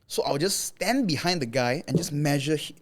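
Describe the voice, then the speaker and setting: His voice sits a little on the high side and moves at normal speed. The speaker, a young Malaysian content creator on a podcast as a guest, relaxedly recounts a lengthy tale, leaning on fillers and performing the quotes with animation.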